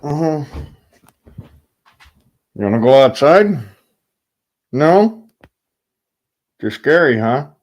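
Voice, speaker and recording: A man's voice: on the high side, very animated, very slow, long pauses, darkish tone, highs cut off. A man hosting a livestream, chatting casually to viewers in a rambling, profane way and laughing often. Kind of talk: casual rant to a live chat.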